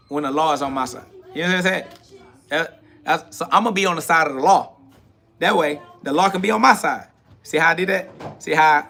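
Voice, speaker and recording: Bright-voiced swaggering man preaching to chat. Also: a little high, vocal fry. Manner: swaggering, slangy, talks back to chat comments. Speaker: livestream host. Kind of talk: casual preaching monologue.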